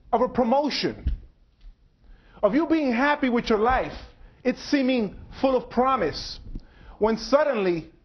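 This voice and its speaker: A man speaking slowly and deliberately to an audience at a university, telling his own story. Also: high-pitched, lo-fi sound. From United States. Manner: slow, measured, deliberate delivery. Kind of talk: public talk. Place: university lecture hall.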